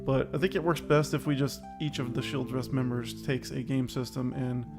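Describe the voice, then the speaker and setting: At normal speed and with little pitch movement, a man with a mid-range voice co-hosts a casual podcast chat show as music runs beneath. He's upbeat and self-aware, rambling on while a little out of breath.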